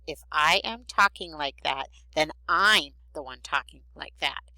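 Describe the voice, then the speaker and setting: A woman voicing a goofy, food-obsessed schoolboy who argues in a silly, animated way, in a storybook reading. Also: lowish voice, a little fast, dry recording. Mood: mock serious.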